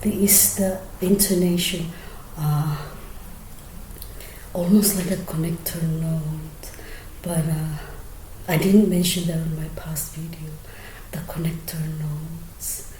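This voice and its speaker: Young woman, low-pitched, slow and hesitant, home vocal tutorial with faint background noise. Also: flat delivery, warm tone. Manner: hesitant, many fillers, drops to near whisper. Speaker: amateur singer sharing tips. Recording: echoey room with faint ambient noise.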